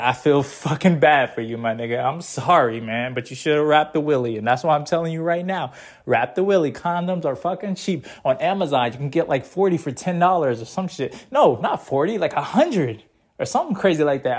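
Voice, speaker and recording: A young man hosting a casual advice monologue, talking in blunt, profane, laid-back slang. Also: a little high.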